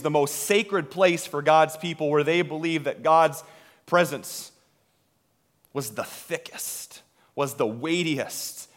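Brief: male pastor, sermon delivery, unhurried and slightly high-pitched, long reverb tail. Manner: slow, dramatic delivery with hushed drops and swells.

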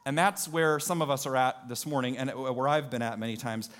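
A man preaching a lively, joking sermon to his congregation in a church, rallying them to join in. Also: mid-range voice, a little fast. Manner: animated, jokey, rallies the congregation. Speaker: pastor. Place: church sanctuary.

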